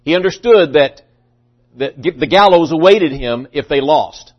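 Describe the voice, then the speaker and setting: An earnest male pastor delivering a sermon, emphatic and repeating himself as he builds his points. His voice sits a little high for a man. The recording is muffled and lo-fi. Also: lively intonation, unhurried. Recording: dull lo-fi recording.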